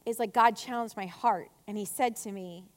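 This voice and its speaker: A woman giving a chatty, animated faith talk to a women's gathering, telling stories with acted asides. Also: mid-range voice, normal speed. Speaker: speaker at a women's church gathering. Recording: long hall reverb.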